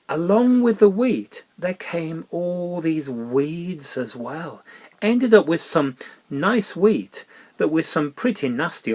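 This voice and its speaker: Gentle man coaxing a puppet, hushed asides. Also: on the high side. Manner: soft, coaxing and parental, with hushed whispered asides. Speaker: children's Bible talk presenter. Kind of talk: gentle children's Bible talk with a puppet.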